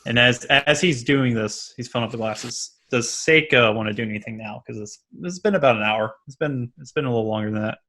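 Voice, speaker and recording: A man narrating as dungeon master of a tabletop game, loose and halting, often laughing as he describes scenes. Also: medium pitch, pushed and bright.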